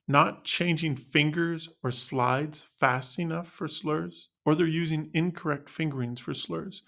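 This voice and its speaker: A man teaching a band lesson, explaining in a clear instructional way and sounding out syllables to demonstrate articulation. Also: mid-range voice, a bit bright.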